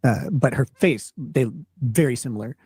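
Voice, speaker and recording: A man from Minnesota rambling through a casual story, halting often with fillers. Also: medium pitch, animated, darkish tone, husky, no room sound, clean studio sound. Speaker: streamer telling an anecdote.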